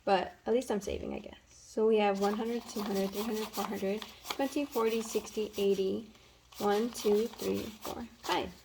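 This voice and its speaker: Casting: young woman, gravelly fry, chatty cash-counting vlogger, faint hiss behind. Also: medium pitch, steady tone, moderate pace. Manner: chatty, counts bills aloud, filler-heavy. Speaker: budgeting vlogger. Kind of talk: casual chat while counting cash.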